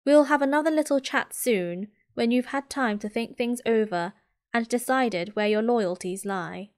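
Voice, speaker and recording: A woman with a British accent voicing a cold, menacing male teacher in a soft whispered role-play, slow and icy. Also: very high-pitched. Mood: icy, threatening. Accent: British English.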